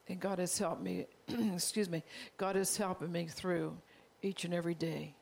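Earnest and confessional, a pastor delivers a heartfelt sermon in a mid-range, darkish voice with a gravelly creak. His intonation stays fairly even at a normal speed, he keeps calling out to the congregation, and a little hiss or hum sits in the recording.

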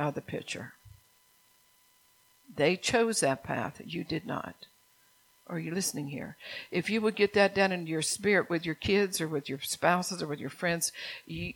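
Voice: mid-range voice, a bit bright, poor audio. A pastor preaching a sermon, emphatic and repeating key lines for stress, often calling out to the congregation for a response.

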